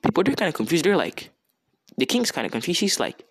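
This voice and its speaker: A man's voice: fairly high pitch, wildly swooping pitch, quick pace, slightly rough, dry recording. A young man improvising a fan story in a rambling, slangy, casual way with many restarts.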